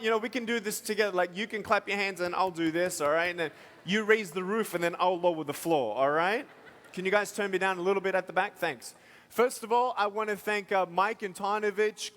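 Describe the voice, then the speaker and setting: A man with an Australian accent giving an energetic, playful motivational speech to a live crowd on a stage microphone. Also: high voice. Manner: energetic, playful, addresses the audience directly. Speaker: motivational speaker. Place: large indoor arena.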